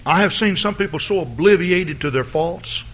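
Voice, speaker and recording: Man preaching, reads verses low and steady then gets loud and shouty, bright voice, dull old recording. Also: slight background noise. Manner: builds from a low, measured reading of scripture to loud shouted exhortation. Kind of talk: sermon.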